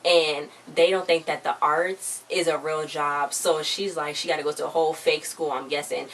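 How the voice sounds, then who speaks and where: A woman's voice: low voice, fairly even intonation, moderate pace, distant mic, rough recording. A woman giving a casual, rambling recap of a TV episode, retelling scenes with lots of "she was like.". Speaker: TV show reviewer. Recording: voice a bit off-mic with faint background noise.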